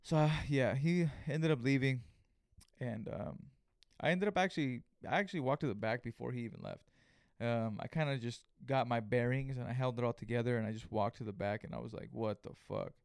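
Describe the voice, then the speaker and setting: Profane, animated man telling stories. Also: medium pitch, brisk, creaky, smooth, dry recording, studio quality. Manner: profane, animated retelling with acted-out quotes. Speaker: podcast host. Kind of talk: casual storytelling monologue.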